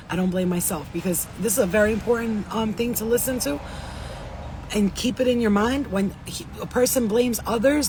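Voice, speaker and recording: Woman vlogger talking to her followers about spirit guides, loose and rambling, voice a bit rough and cough-prone, mid pitch, faint hum behind. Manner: chatty, repetitive, swears casually, greets viewers. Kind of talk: casual spiritual talk to viewers.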